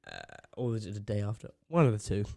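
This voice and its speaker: A young man co-hosting a podcast, giving excitable running commentary between laughs at a desk mic in a small home studio. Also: lowish voice, quick pace, dry recording. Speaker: podcast co-host. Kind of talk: casual chat.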